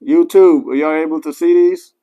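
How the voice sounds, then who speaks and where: Chatty barber man, slightly high voice. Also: moderate pace, mellow, low-quality recording. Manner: chatty, talks straight to viewers; apologetic asides, frequent fillers. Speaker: barber reviewing clippers. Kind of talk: casual live-stream chat.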